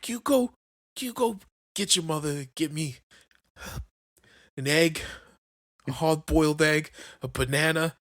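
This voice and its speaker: A man's voice: a little high, a little slow, long pauses, a bit bright, no echo, clean studio sound. A man playing a hungover, weary ex-husband who rattles off errands in a groggy way.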